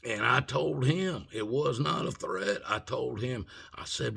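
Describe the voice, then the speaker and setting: Gravelly, husky man telling a story. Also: medium pitch, slow pace, pauses often. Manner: animated retelling, acts out both sides of the argument. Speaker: vlogger. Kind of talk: casual storytelling.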